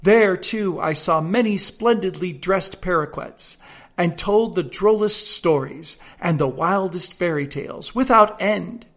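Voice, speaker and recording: A man's voice: high voice, measured pace, a bit bright, heavily acted. A man voicing a homesick canary bird that speaks in a dreamy, poetic, yearning way. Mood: wistful.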